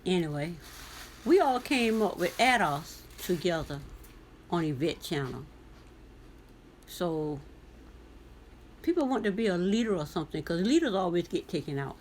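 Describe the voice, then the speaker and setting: A woman's voice: lowish voice, animated, moderate pace, long pauses, slight background noise. A woman from the United States vlogging, reading a news article aloud and commenting on it, talking back to the text with pointed questions.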